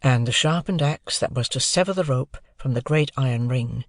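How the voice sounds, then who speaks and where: An audiobook narrator reads in a measured, formal, literary way, with a middle pitch. The recording is close and dry, with almost no room sound. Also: no echo.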